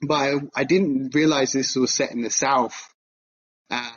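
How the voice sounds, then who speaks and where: A man's voice: medium pitch, fairly even intonation, unhurried, fairly bright tone, breathy edge, dull audio. Man chatting about a film. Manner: chatty, thinks aloud with fillers and restarts. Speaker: podcast co-host. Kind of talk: casual film podcast chat.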